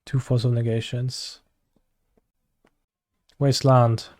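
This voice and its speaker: A man's voice: medium pitch, level tone, slow, darkish tone, no room sound. A man with a Polish accent, a streamer muttering casual, sarcastic commentary over his game, swearing when frustrated.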